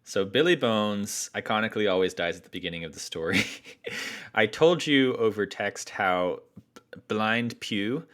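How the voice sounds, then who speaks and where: Man, podcast co-host, very low voice, bright forceful tone, rambling casual chat. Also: expressive, moderate pace. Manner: chatty, many fillers and restarts. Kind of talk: casual film discussion.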